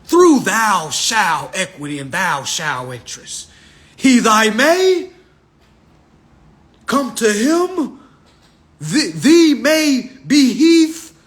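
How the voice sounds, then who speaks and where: A slow, solemn mock preacher intones invented scripture in old-fashioned wording, as a man puts him on. The voice sits high and swings widely in pitch, and each phrase is stretched out with mock gravity. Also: big pitch swings, a bit bright, exaggerated voice. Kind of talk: parody of Bible verses.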